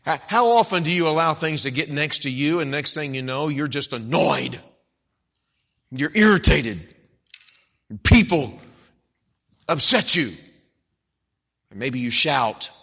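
A man preaching an evangelical sermon, swinging from hushed, slow lines to loud, emphatic outbursts. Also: a little high, animated.

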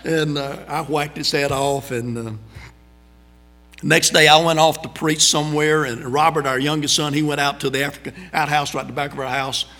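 Folksy preacher telling stories. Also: male voice, fairly high pitch, normal speed. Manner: folksy, conversational, animated storytelling. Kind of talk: storytelling sermon. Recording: long hall reverb.

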